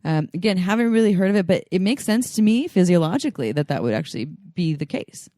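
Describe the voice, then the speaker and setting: A woman's voice: on the low side, sing-song, fast, warm tone, no echo, clean studio sound. A woman co-hosting a podcast in casual chat, explaining things frankly and laughing easily. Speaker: podcast co-host.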